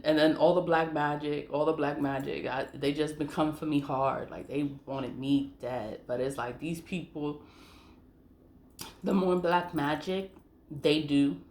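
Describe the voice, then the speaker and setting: A woman's voice: deep voice, darkish tone, reverberant. A woman casually telling a personal story, blunt and profane, who laughs often and repeats the phrases she wants to stress. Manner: emphatic repetition of key phrases.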